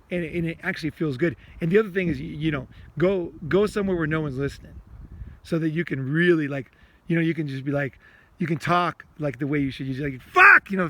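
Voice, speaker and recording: Rambling man talking outdoors. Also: fairly high pitch. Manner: loose, repetitive, swears often, acts out inner rants. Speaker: self-help podcast host. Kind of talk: casual rambling monologue. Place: outdoors, walking.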